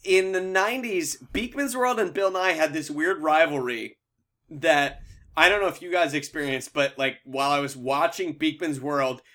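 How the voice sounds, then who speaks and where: A man co-hosting a comedy podcast, joking loudly and acting out silly voices in casual banter. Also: a little high, normal speed. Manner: animated, jokey, acts out silly quoted voices. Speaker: co-host.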